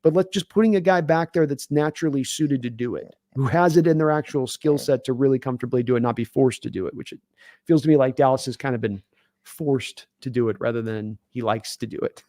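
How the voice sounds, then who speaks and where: A man's voice: medium pitch, brisk, dark tone, no echo, studio quality. A man hosting a live sports talk stream, rambling with many fillers and restarts. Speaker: podcast host. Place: home studio, live stream.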